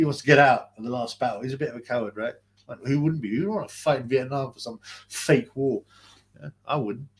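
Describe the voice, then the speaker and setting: A man's voice: medium pitch, a little fast. A man hosting a live boxing chat stream, ranting in a mocking, abrasive, rambling way. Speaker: boxing livestream host.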